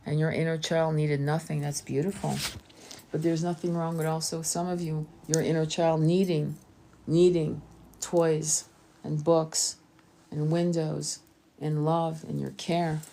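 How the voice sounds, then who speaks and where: A woman's voice: deep voice, flat delivery, unhurried, creaky, mellow. A woman hosting a live-streamed oracle reading, encouraging her viewers to share. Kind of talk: live-streamed spiritual session.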